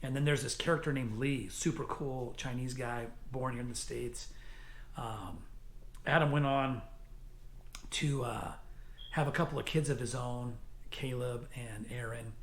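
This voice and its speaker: A man's voice: medium pitch, unhurried, slight background noise. A man giving a casual, enthusiastic spoken book review, chatty, with many fillers and restarts. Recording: echoey room.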